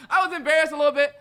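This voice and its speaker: A man co-hosting a podcast, telling a story in casual chat, acting out what people said and laughing often, out of breath. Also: very high voice. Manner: animated, acts out quotes, laughs a lot. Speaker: podcast co-host.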